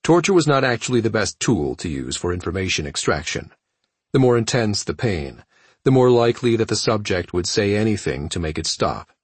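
A man narrating a science fiction audiobook in a steady storytelling manner. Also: lowish voice, fairly quick, husky, no echo. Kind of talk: scripted narration.

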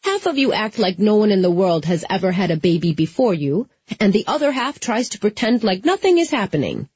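A woman voicing a gruff old witch woman. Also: mid-range voice, very animated, a little mellow, no echo. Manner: grumbling, slow and blunt. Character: gruff older woman, a blunt faded witch. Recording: slightly dull lo-fi.

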